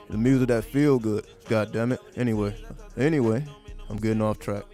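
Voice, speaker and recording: A man with a fairly low voice riffs through a casual livestream, swearing freely and tossing out sarcastic questions again and again. Faint music plays beneath him. His talk is loose and repetitive, and he keeps circling back to "right?". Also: fairly even intonation, brisk, few pauses, dark tone. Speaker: livestream commentator. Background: faint background music.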